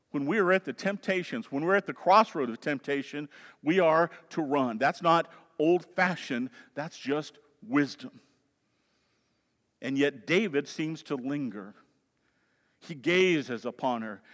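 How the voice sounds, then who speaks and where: A Southern preacher with a high, ringing voice that carries through a long-reverb sanctuary. He drives his points hard and loud, then drops low and soft for an aside. The delivery is emphatic, fervent and pulpit-ready. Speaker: pastor. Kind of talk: sermon.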